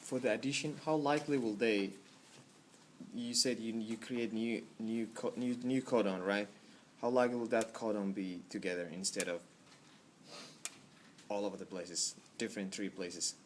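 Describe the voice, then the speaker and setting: A man asking a question from the class, hesitant and stumbling over his words. His voice sits fairly low, with faint noise around him. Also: steady tone, moderate pace. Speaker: student.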